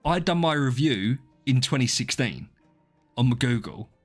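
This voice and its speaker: A man's voice: mid-range voice, lively intonation, a little slow. A man, live-streaming and chatting casually to his viewers, rambling and joking about himself. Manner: rambling, self-deprecating, talks to chat by name. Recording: faint music behind.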